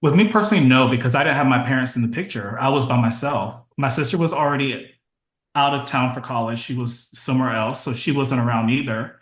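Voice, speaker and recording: A man talks openly as a podcast guest, his thoughts coming in short restarting bursts with fillers. His voice sits at a middle pitch. The room around him sounds echoey. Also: fairly quick. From United States. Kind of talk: casual interview conversation.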